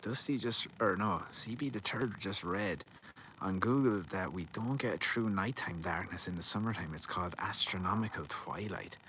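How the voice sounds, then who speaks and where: Live from a garden, an Irish streamer reads out viewer comments, rambling and joking in a casual way. His voice is low-pitched with a sharp tone at normal speed, and a little hiss or hum sits underneath.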